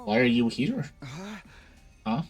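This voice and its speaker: A man reads visual novel narration and dialogue aloud at a mid pitch, breaking off with startled questions as the story turns. Soft game music plays behind him. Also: sing-song, slow, poor audio. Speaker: streamer.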